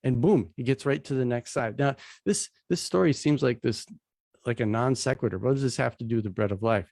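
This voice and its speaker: Gravelly-voiced man teaching casually. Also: medium pitch, a little fast, a little mellow, dry recording. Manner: conversational, retells scenes in plain everyday slang. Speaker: Bible teacher. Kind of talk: casual teaching walkthrough of slides.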